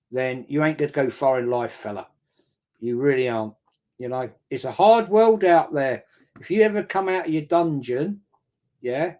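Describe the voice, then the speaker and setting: A man's voice: on the high side, a little mellow. A man hosting a football watch-along live stream, reading viewer comments and answering them bluntly and combatively, with frequent swearing.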